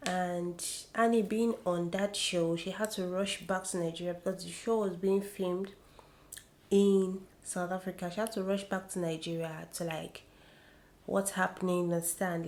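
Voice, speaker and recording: A woman's voice: on the low side, moderate pace. A young woman vlogging about a reality show in an opinionated, gossipy chat. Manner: chatty, opinionated, animated gossiping. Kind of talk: casual chat.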